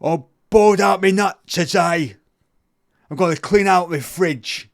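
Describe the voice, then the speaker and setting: Brash English lad, hungover, bellowing, done by a Scottish comedian. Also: male voice, high voice, slow, creaky, voice pushed up, exaggerated voice. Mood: shouting. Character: loud hungover English football fan man.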